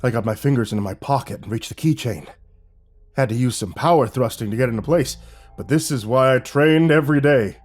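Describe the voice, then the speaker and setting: A man voicing an excitable, goofy young man who talks eagerly and loudly. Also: mid-range voice, fairly quick, close to an everyday voice. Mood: proud. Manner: eager, loud, upbeat.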